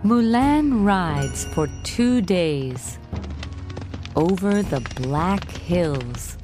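A woman narrates a simple storybook in a slow, carefully measured voice pitched on the low side. Each word is spoken clearly for learners. Clear background music plays under her. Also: expressive.

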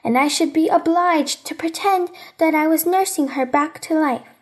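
A woman voicing a small, wistful boy prince from a storybook, speaking in an earnest, softly reflective way. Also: sits high, moderate pace, lightly acted.

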